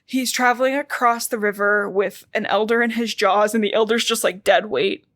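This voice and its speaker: Bright, chatty young woman recapping a book. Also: mid-range voice, steady tone, moderate pace, dry recording, studio quality. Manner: chatty, swearing, emotional retelling. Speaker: podcast co-host. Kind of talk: casual book recap chat.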